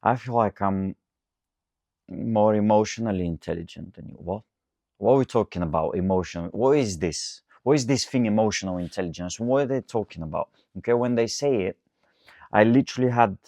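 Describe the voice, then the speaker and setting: A man who is a coach hosting his own solo podcast, talking casually and venting with animated asides and self-corrections. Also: fairly low pitch, moderate pace, no echo, studio quality.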